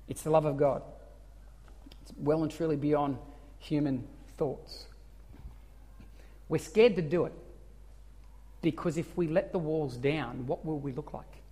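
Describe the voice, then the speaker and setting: A man's voice: on the high side, a little slow, long pauses, dark tone. A man preaching a sermon as a pastor, earnest and conversational, stumbling and restarting as he goes. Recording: long hall reverb.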